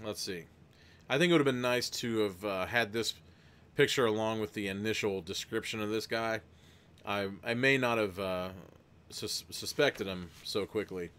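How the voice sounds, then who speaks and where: A man's voice: on the low side, normal speed, fairly bright tone, smooth. A man hosting a live stream, narrating a gamebook and breaking off into rambling, chatty asides with frequent restarts.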